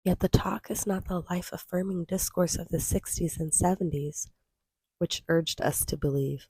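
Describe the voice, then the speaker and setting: A woman reading a nonfiction book aloud in a measured, even way. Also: fairly low pitch, slightly rough, no room sound. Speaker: audiobook reader.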